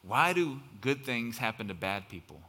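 A man's voice: medium pitch, very animated, moderate pace, sharp tone. A male pastor preaching a sermon in a conversational, impassioned way, sometimes building to emphatic outbursts. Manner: conversational preaching with fillers like "kind of".

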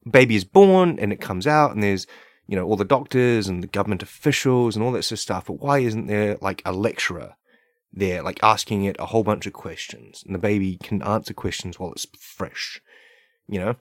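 Man, comedy podcast host, rambling deadpan monologue, low-pitched voice, dry close sound. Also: a little fast, no echo.

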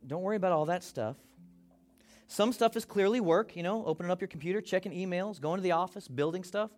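A pastor preaching a sermon to his congregation, animated, acting out people's worries in quick quoted asides. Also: sits high.

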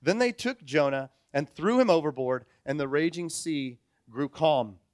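A pastor in his forties with a high, bright-edged voice preaches a sermon. He tells stories with animation and acts out their characters. The recording is dry and close, with no room sound. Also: lively intonation, a little slow, dry recording.

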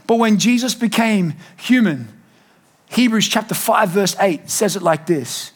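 A male pastor preaching a sermon to a congregation, animated and shouting some lines for emphasis. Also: high-pitched, unhurried, husky. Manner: animated, shouting for emphasis with playful quoted voices. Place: church hall before a congregation.

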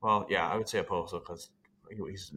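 Speaking fairly quickly, this podcast co-host has a low, steady voice with a bright, forceful tone. He rambles through a casual sports show, reasoning aloud to reach trivia answers.

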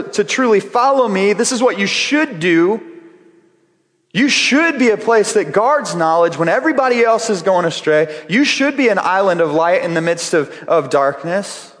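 A man's voice: high voice, a bit bright. A middle-aged man preaching a sermon as pastor, earnest and conversational, often restarting his phrases. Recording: long reverb of a large hall.

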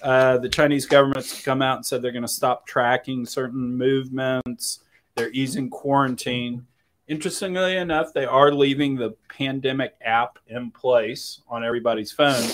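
A man co-hosting a casual podcast, joking and telling stories with animated energy. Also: mid-range voice, moderate pace. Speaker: podcast co-host. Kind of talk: casual chat.

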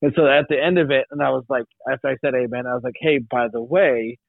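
A young man tells a church story on a podcast, circling back with likes and restarts. His voice sits mid-pitch. The sound is dry and squeezed thin, like a phone line. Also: steady tone, fast talker, gravelly, no echo. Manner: rambling, many restarts and likes. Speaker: podcast guest. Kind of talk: casual testimony.

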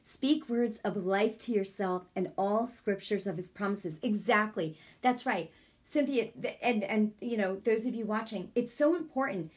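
Earnest woman doing a live devotional talk, fervent and chatty, middle pitch. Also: normal speed, darkish tone. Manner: fervent and earnest, repeats "I'm telling you"; chatty, answers viewer comments aloud. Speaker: online ministry host.

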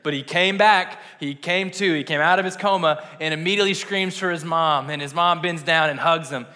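A man's voice: fairly high pitch, brisk, sharp tone. A young man preaching a casual, conversational sermon, chatty and self-deprecating, often laughing at himself. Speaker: pastor. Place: church sanctuary. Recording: long reverb in a hall.

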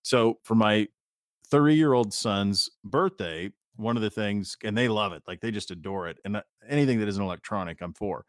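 This podcast co-host has a lowish voice and talks at a normal speed, rambling through stories in casual conversation with some light swearing. The sound is studio quality with no echo.

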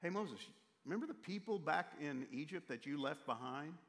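A man's voice: a little high, expressive, moderate pace, a bit bright. A man voicing God as a caring deity who presses with pointed questions, in a big reverberant hall. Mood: urgent pleading. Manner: urgent, questioning. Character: God, a probing, caring male divine voice.

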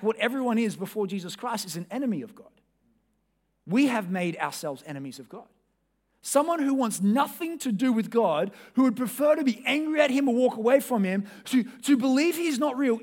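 High-voiced man preaching a sermon. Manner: conversational and direct, addressing the congregation as friends. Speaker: pastor.

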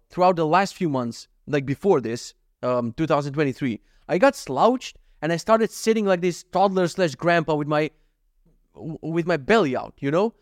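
A man's voice: a little high, no room sound, studio quality. Candid, profane man hosting a solo podcast. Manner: candid, profane, self-critical. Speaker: podcast host. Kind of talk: casual solo podcast monologue. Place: at home.

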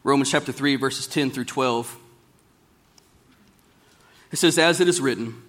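A man preaching a sermon in a church, plain-spoken and folksy, slowing down whenever he reads scripture aloud. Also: mid-range voice, fairly bright tone.

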